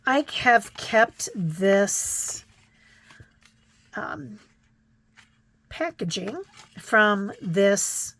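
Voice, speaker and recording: A middle-aged woman chatting gently to her viewers in a crafting vlog, reflective and a little choked up, with many pauses and restarts. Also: mid-range voice. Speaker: crafting vlogger. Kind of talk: casual chat to viewers.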